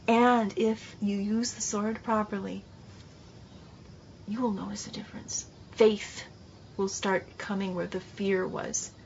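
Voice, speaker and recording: A woman's voice: mid-range voice, a little mellow, slight background noise. A woman Bible teacher giving an emphatic, repetitive sermon-style class. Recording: dull lo-fi recording.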